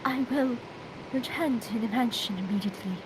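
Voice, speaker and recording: A woman's voice: on the high side, moderate pace, slight background noise, natural voice, poor audio. A woman voicing a timid, polite young woman who speaks formally and hesitantly, in an amateur game read-through.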